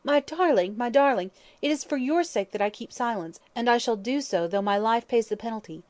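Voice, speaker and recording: A woman reading an audiobook, voicing a proud young man in prison who speaks gravely and wearily. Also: a little high, expressive, fairly quick, darkish tone, no room sound, voice pushed up, natural voice. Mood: impassioned. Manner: grave, weary, then impassioned.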